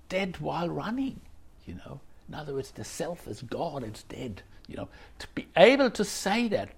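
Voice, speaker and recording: Guy giving a zen talk, gravelly and kinda husky, lots of "you know", rises and falls a lot. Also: mid-range voice, a little mellow. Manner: thoughtful, circling, repeats phrases and fills with "you know". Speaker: Zen teacher. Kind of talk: dharma talk on a koan.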